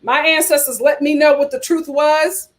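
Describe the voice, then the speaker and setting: On her casual commentary show, a female host with a high-pitched, steady voice reads articles and viewer comments aloud at a moderate pace. Her reactions are outspoken and full of exclamations.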